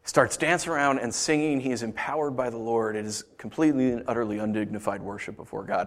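A man preaching a sermon, conversational and animated, with playful asides to the congregation. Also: medium pitch, fast, hardly any pauses. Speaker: pastor.

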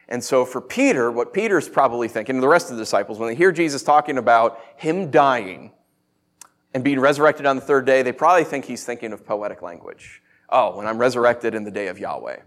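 A man with a voice on the high side preaches a sermon. His style is animated and conversational, full of rhetorical questions.

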